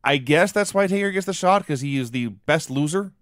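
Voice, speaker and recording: A man's voice: a little high, expressive, fairly quick, fairly bright tone, dry recording. A man hosting a podcast, recapping old shows in a dry, wry casual manner. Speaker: podcast host.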